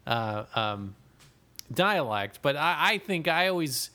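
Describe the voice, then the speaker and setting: A Midwestern man with a nasal accent and mid-range voice co-hosts a podcast at a slow pace. The banter is casual and animated, with swearing and laughter throughout.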